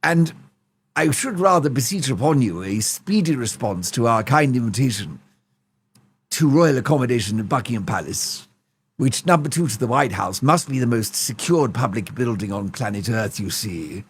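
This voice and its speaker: A man's voice: mid-range voice, animated, breathy edge, voice pushed down. A man putting on an impression of a plummy, pompous older king who rambles and keeps trailing off with "you see". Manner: pompous, ends phrases with a drawn-out "you see".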